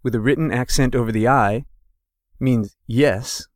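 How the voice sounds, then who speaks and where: A man narrating a scripted language lesson, slowly and deliberately sounding out each example word. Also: medium pitch, no echo, clean studio sound. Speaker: language teacher.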